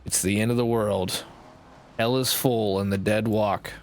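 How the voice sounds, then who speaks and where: A man's voice: lowish voice, steady tone, unhurried. A man with a Canadian accent and a nasal-sounding voice, rambling and swearing casually through gameplay commentary as a streamer. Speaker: game streamer.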